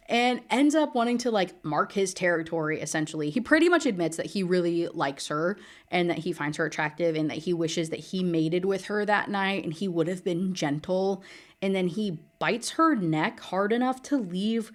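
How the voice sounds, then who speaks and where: A woman's voice: fairly low pitch, moderate pace. Chatty sarcastic woman recapping a book. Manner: chatty, filler-heavy, sarcastic. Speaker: book reviewer.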